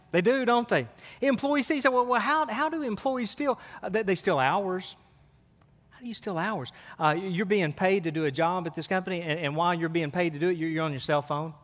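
A man in his forties preaches in a relaxed, storytelling way, leaning on asides to his congregation. His voice sits high for a man. The sound rings through a church hall with a long echo. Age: 40s. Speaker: pastor. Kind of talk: sermon. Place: church sanctuary. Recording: sermon in a hall with long reverb.

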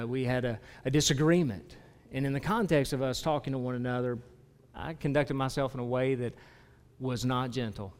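A man preaching a sermon as pastor, earnest, moving between quiet confession and loud, emphatic preaching. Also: mid-range voice. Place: church sanctuary. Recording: long reverb of a church hall.

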